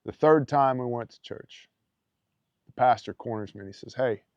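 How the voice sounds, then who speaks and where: Talking at a normal speed in a smooth, mid-range voice, a man shares a personal story casually but bluntly and emphatically, with frequent uses of "man." The podcast recording is lo-fi, dull and dry, without any echo.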